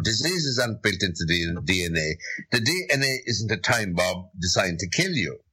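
An opinionated Irish man holding forth on a talk show, pressing his points hard. His voice sits fairly low, with a bright, slightly husky edge. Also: low-quality recording. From Ireland. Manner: emphatic and opinionated.

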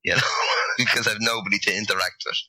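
An Irish man talking in a loose, rambling way, full of ums and restarts. His voice is very bright and forward, and it is recorded close and dry with no room sound. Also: fairly low pitch, steady tone, fast talker, no room sound, poor audio. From Ireland. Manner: rambling storyteller with many fillers. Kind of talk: casual chat.

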